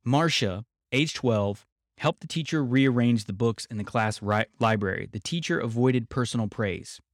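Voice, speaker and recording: Man, podcast host reading aloud with commentary, earnest, mid-pitched voice, close dry recording. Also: normal speed, no echo. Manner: earnest, explanatory, restates key points.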